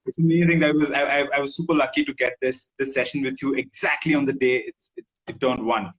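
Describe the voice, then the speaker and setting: A male host interviewing a rapper over a video call, laid-back, with halting restarts and frequent agreeing backchannels. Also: mid-range voice, fairly even intonation, fairly bright tone, muffled recording.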